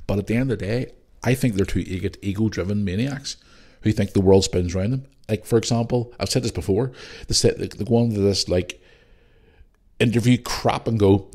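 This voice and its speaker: A man ranting on his own podcast, exasperated and full of sarcasm. His voice sits a little low for a man. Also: normal speed, darkish tone. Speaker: podcast host. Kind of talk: solo podcast rant.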